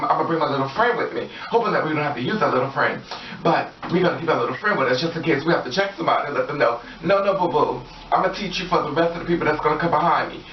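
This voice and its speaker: A woman's voice: low-pitched, slight background noise. A woman talking to camera in a casual vlog monologue, sassy and profane, laughing often and acting out what people said. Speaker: vlogger. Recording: roomy, distant, dull lo-fi audio.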